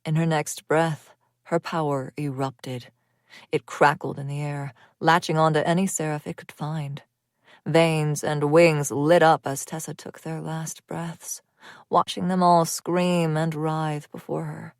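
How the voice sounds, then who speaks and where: A woman reads a dark fantasy audiobook at an unhurried, deliberate pace, her voice a touch low. She is measured and often sinks into hushed near-whispers. It sounds like a close mic in a dry booth. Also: flat delivery, dry recording. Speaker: audiobook narrator.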